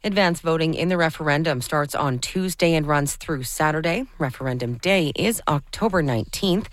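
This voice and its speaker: A woman reading the news on radio in a measured, crisp newscast delivery. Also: deep voice, no room sound. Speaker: newsreader.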